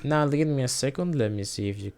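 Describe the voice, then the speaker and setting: A man's voice: medium pitch, brisk, darkish tone, clear, resonant tone. A man hosting a casual beginner Spanish lesson, hesitant, repeating phrases and correcting himself. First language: not Spanish. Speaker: language video host. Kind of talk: casual screen-share lesson.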